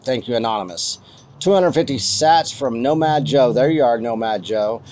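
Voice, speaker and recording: A podcast host with a West Texas accent chats in a folksy, rambling way, full of fillers, while reading out listener donations and thanking people. His mid-range voice is animated and a little mellow, and he talks at a normal speed.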